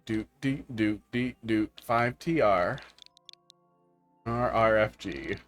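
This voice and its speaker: A man's voice: fairly low pitch, takes it slowly, a bit bright, soft background music. A man from the United States giving casual, joking live-stream commentary on viewer-made game levels, rambling and laughing often.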